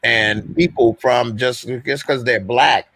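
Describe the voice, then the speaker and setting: A man hosts a casual call-in live stream, holding forth at length in a loose, everyday way. His voice is bright and forward, and the sound is dry and close, with no room around it. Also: mid-range voice, fairly even intonation, takes it slowly, slightly rough, no echo. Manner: loose, conversational, talks at length. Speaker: host.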